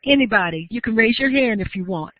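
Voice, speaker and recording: A woman teaching a university class online, explaining at a measured pace and putting questions to her students. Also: fairly high pitch, lively intonation, no echo. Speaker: university lecturer. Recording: dry, phone-like narrow sound.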